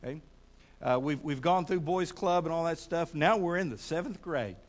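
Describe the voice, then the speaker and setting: A middle-aged pastor preaching a sermon in a folksy, stammering way that builds to loud, emphatic peaks. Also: male voice, on the high side, animated, moderate pace.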